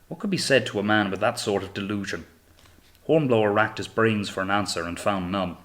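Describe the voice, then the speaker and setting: A male narrator reading an audiobook in a steady, measured way. His voice sits on the lower side.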